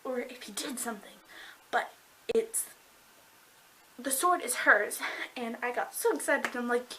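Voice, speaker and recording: Bubbly, gushing young woman, bright voice. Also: on the high side, measured pace, slight background noise, rough recording. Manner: gushing and excitable, heavy use of "like". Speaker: book reviewer. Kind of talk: casual book review vlog.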